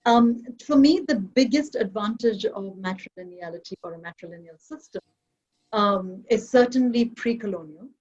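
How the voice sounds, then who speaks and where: A woman's voice: medium pitch, moderate pace, a little mellow, muffled recording. A woman from Kerala, India, speaking on an online panel in a reflective, argumentative academic manner.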